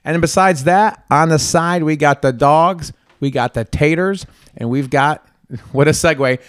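A man's voice: on the high side, normal speed, clear, resonant tone, no room sound. Rambling man hosting a chat show, dry sound. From Central New York. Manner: rambling, searching for words, laughs often. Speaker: host. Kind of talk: casual chat.

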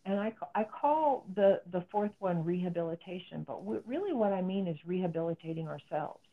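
A woman's voice: on the low side, lively intonation, fairly quick. A middle-aged woman psychotherapist explaining as an interview guest, earnest and explanatory. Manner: earnest, explanatory, acts out quoted speech. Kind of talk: interview conversation. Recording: phone-like narrow sound.

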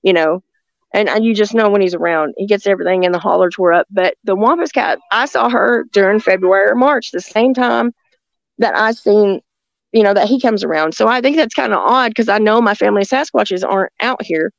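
A woman telling stories in a rambling, halting way, with many restarts, talking from a rural home near the woods. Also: medium pitch, gravelly, no room sound, lo-fi sound. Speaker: guest telling encounter stories. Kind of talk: casual storytelling on a call-in show.

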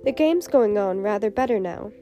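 A woman's voice: mid-range voice, animated, moderate pace, dark tone, close to an everyday voice. A woman reading a polite, cautious young girl, with music behind. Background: background music.

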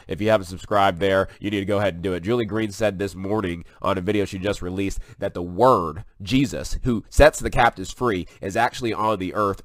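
A man hosting a casual preaching vlog, excitable and folksy as he talks through what is on his screen. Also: low-pitched, no room sound, studio quality. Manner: excitable, folksy, drawls "y'all". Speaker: online video host.

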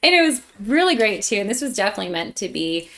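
A young woman from Pennsylvania, a guest telling a story in a casual interview, animated and quick to laugh, acting out what people said. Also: medium pitch. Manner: animated, acts out dialogue, laughs often.

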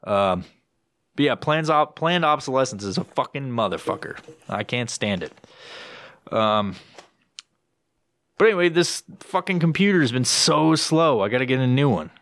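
Young male podcast host, mid-pitched, loose and foul-mouthed solo rant on a home mic. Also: normal speed, long pauses, no room sound, clean studio sound. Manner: profane, rambling, swears constantly; jumps into high excited voice when quoting himself. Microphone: podcast microphone with headphones.

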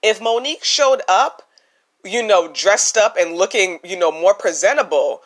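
A woman hosts a podcast and talks through her opinions in a loose, conversational way. Her voice sits at a middle pitch, and she keeps dropping in "you know" and "right?" as she goes. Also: expressive, a little slow. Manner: chatty, opinionated, many "you know" fillers. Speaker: podcast host. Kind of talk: casual commentary.

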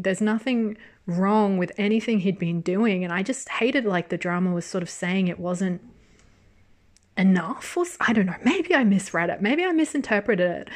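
A woman giving a casual spoken review of a drama, animated and swearing freely as she vents, then laughing it off. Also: medium pitch.

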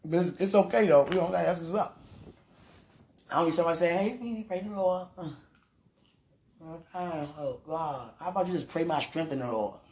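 A woman with a low, darkish voice speaks at a moderate pace, leaving long pauses. Her talk is chatty and full of laughter and repeated phrases, shifting between casual monologue and prayer while she says she's hungry and has heartburn.

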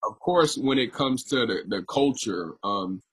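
A man's voice: medium pitch, animated, measured pace, breathy edge. A man interviewing a guest, asking long rambling questions with many fillers. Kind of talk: conversational interview.

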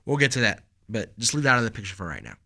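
A man's voice: lowish voice, huge pitch swings, very fast, creaky, sharp tone. A young man co-hosting a podcast, telling stories in a loose, rambling way and calling his friend bro. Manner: rambling storyteller, lots of "like" and "bro". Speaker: podcast co-host. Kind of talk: casual podcast chat.

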